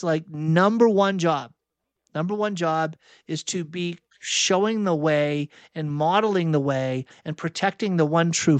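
A man preaching a sermon, reflective and halting, often restarting and correcting himself mid-sentence. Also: a little high, no echo.

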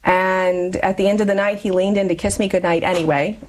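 A woman's voice: medium pitch, fairly even intonation, a little fast, darkish tone, low-quality recording. Chatty woman in her forties telling a personal story. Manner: chatty, laughs often between phrases. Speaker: interview guest.

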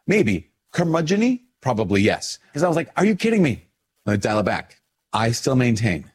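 A man's voice: fairly low pitch, husky. A man, a priest hosting a video, talking casually and animatedly, self-deprecating and searching for words as he goes. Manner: animated, self-deprecating, acting out his own reactions. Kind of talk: casual talk to camera.

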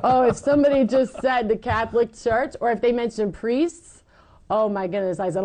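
A middle-aged woman giving her personal testimony in an interview, animated and acting out what people said. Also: a little high, moderate pace. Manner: animated storytelling, acts out quoted lines. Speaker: guest telling her faith story.

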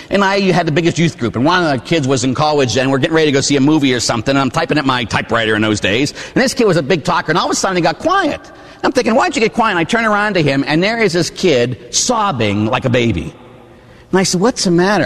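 Male priest, forties, from Pittsburgh; animated sermon storyteller, fairly high pitch, long church reverb. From Pittsburgh, USA. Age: 40s. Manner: animated storytelling with rhetorical asides.

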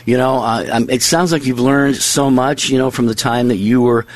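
A man's voice: mid-range voice, fairly even intonation, normal speed, no echo. A male host responding to a guest in an affirming, reflective way, with many fillers. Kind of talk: radio interview.

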